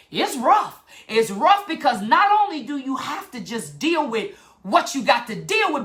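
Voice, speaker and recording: A woman's voice: high voice, a bit bright. A middle-aged woman, giving an impassioned motivational talk straight to her viewers. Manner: fired-up preachy, talks straight to viewers. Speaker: vlogger.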